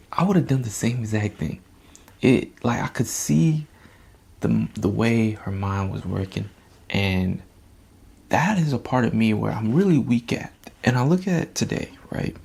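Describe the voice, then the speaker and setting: A man's voice: lowish voice, gravelly, a little mellow, breathy edge. A man talking candidly and at length in a casual reflective monologue, rambling and dropping slang as he talks. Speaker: vlogger.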